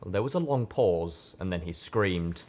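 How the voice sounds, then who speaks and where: A man narrating a first-person story as an audiobook reader, in a steady, measured way. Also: sits low, over a noisy crowd.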